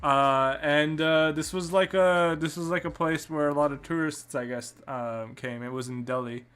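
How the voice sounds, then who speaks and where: A man's voice: a little high, moderate pace, a bit bright, clean tone, faint music behind. A man with a Canadian accent hosting a podcast, telling a travel story in a rambling way with many restarts and fillers. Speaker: podcast host.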